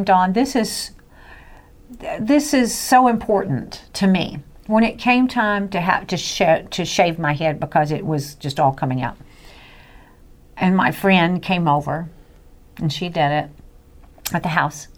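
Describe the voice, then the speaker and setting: A woman tells a personal story in a casual chat, laughing often and acting out voices. Her voice sits in a middle range and she talks in a lively, easy way. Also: medium pitch, slow pace, long pauses. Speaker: guest sharing a faith testimony.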